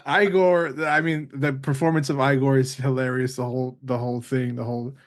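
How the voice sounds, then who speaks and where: A man co-hosting a casual podcast, speaking haltingly with restarts and laughing along. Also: mid-range voice, level tone. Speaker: podcast co-host.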